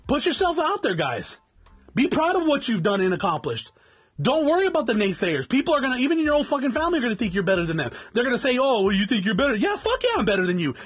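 A man's voice: very high voice, fairly bright tone, slightly rough. A man in his forties from South Tucson, Arizona, bluntly lecturing viewers in a profanity-laced motivational rant and calling them guys. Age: 40s. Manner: blunt, swearing constantly, lecturing. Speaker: vlogger.

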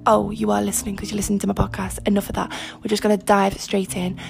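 A young woman talks through her podcast in loose, emphatic chat, laughing at herself as she goes. Her voice carries a gravelly fry and sounds a little husky today, with a faint bed of music underneath. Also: mid-range voice, monotone, fast. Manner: chatty, self-mocking, emphatic. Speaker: podcast host. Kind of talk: casual solo podcast chat. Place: lying on her front while recording.

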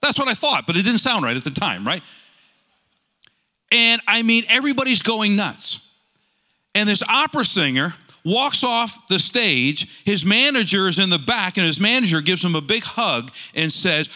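Male pastor, sermon, animated storytelling, rhetorical questions, lively pitch, bright ringing voice. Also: moderate pace, long pauses.

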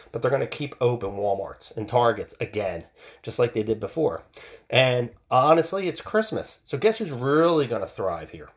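A man hosting a show from home, ranting bluntly with plenty of swearing and restarts, into a home mic that picks up outside noise. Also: mid-range voice. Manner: blunt, profane, fired-up ranting with many restarts. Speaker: podcast host. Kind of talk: casual opinion rant.

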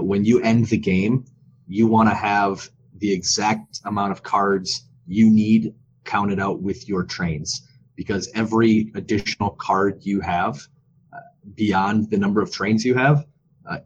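A man's voice: fairly low pitch, fairly even intonation, normal speed, dull audio, a little hiss or hum. A man co-hosting a casual podcast chat, joking and playful, over a video call. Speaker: podcast co-host.

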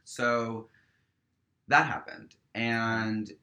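A man's voice: medium pitch, very slow. A man chatting as a guest, telling a story in a loose, profane way full of "like". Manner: profane, peppered with "like"; animated storyteller acting out dialogue. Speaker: guest, stage performer. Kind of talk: casual podcast chat, storytelling.

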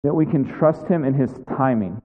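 In a church sanctuary, a male pastor preaches a sermon with a medium-pitched voice at normal speed. He's earnest and conversational, pressing listeners with repeated questions, and the sound is phone-like in a reverberant hall.

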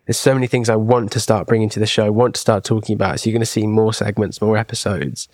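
A man's voice: fairly low pitch, steady tone, quick pace, a little mellow, dry recording, studio quality. A man, co-hosting a podcast in casual chat, rambling enthusiastically with many asides and restarts. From England. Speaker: podcast co-host.

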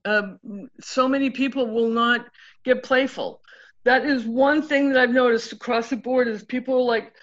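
Woman guest, coaching type, chatty storyteller, higher voice, muffled lo-fi sound. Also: normal speed. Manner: animated, acts out quotes of clients. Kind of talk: casual storytelling interview.

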